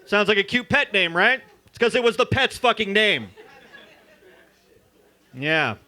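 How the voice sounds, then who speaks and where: A man doing a crude, loud stand-up comedy set at an open mic in a bar. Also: high voice, very animated, measured pace, a faint crowd. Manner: crude, loud, jokey storytelling. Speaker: stand-up comic.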